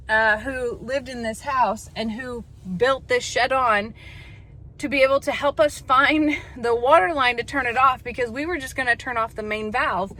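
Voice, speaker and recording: A woman's voice: sits high, sharp tone, low-quality recording. A woman chatting casually in a vlog as she runs errands, heartfelt and talkative, filmed on a handheld phone. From Texas. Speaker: vlogger. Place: in a vehicle and on errands.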